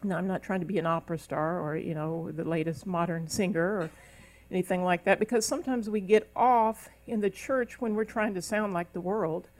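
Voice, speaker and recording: A woman's voice: on the low side, moderate pace, darkish tone. Woman minister, middle-aged, sermon in church, emphatic preacherly delivery, bursts of tongues. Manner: preacherly, speaks in tongues, rises into emphatic calls. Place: church service.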